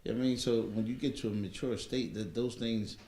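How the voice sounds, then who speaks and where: A man's voice: mid-range voice, steady tone, fast talker, mellow. Reflective man in an echoey room. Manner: reflective, storytelling, repeats "you know what I mean". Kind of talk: casual chat. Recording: echoey room, faint background noise.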